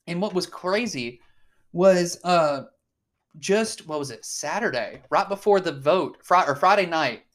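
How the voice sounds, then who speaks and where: A man's voice: sits high, lively intonation, unhurried, a bit bright. A man co-hosting a casual political chat, blunt and swearing often, with lots of fillers and restarts. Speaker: podcast co-host.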